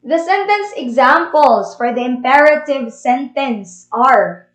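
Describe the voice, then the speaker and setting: Slow high-voiced woman teaching. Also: expressive. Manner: explains step by step, slips into Tagalog asides. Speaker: reviewer teacher. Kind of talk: grammar lesson. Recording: echoey room.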